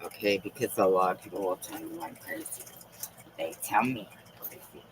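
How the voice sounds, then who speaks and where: A woman's voice: very deep voice, moderate pace, noisy background. A woman hosting a live stream, talking in a rambling, profane and fervent way. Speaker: livestream host.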